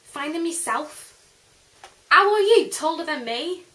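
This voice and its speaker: A bossy young woman from the north of England, put on by a vlogger. She talks bluntly and scolds loudly. Her voice is high and bright. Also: lively intonation, a little slow, exaggerated voice, low-quality recording. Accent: Northern English.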